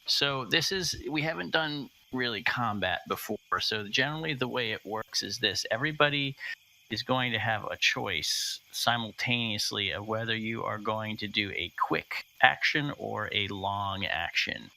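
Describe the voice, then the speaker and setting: A man narrating a tabletop game as game master and explaining the rules, halting with many fillers and restarts. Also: lowish voice, creaky, pushed and bright, poor audio.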